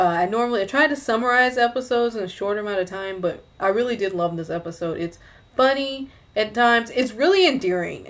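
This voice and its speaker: Young woman rambling thru an anime recap, mid-pitched, keeps restarting her sentences. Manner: chatty, rambling, self-correcting. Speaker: anime reviewer. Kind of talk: casual episode recap.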